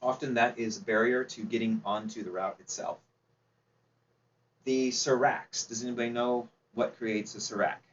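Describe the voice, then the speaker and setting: A man's voice: mid-range voice, fairly even intonation, moderate pace. Man, chatty seminar presenter quizzing the room; distant, muffled room recording. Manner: chatty, asks the audience questions, laughs easily. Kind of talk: informal slide presentation to a club audience. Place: meeting room. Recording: distant, dull, faint background noise.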